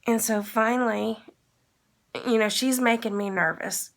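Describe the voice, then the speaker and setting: Gravelly-voiced woman telling a story. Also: on the high side, steady tone, measured pace. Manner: rambling, retells with quoted dialogue. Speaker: vlogger. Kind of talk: casual storytelling.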